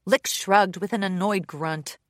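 A woman reading a children's storybook aloud with expressive narration. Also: medium pitch, a little slow, dry recording, studio quality. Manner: expressive, lively. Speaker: audiobook narrator.

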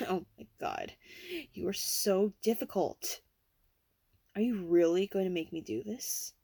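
A young woman in a whispered role-play, teasing and intimate. Her airy, hushed voice unhurriedly draws out each phrase. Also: medium pitch, expressive, unhurried, vocal fry, husky, dry recording.

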